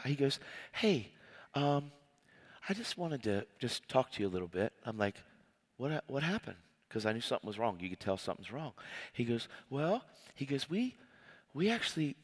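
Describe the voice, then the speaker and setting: A man preaching a storytelling sermon, animated and often laughing as he acts out conversations. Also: mid-range voice. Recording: long reverb of a hall.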